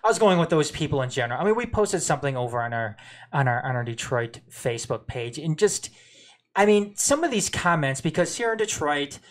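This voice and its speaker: A man's voice: fairly high pitch, big pitch swings, fairly quick. A man co-hosting a sports talk show, arguing his point emphatically and repeating himself for stress. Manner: emphatic, reads viewer comments aloud; passionate, repeats himself when making a point. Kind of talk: casual debate.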